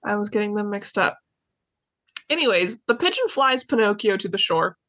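A young woman in a casual podcast chat, rambling cheerfully through a story retelling with plenty of filler words. Her voice sits at an ordinary middle pitch, recorded close and dry with no room sound around it. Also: animated, normal speed, a bit bright, no room sound. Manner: chatty, rambling retelling with many likes and anyways.

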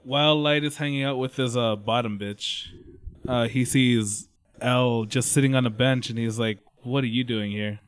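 Crisp-voiced man rambling through a story. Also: mid-range voice, fairly even intonation, normal speed. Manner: rambling, laughing storyteller, swears. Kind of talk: casual chat.

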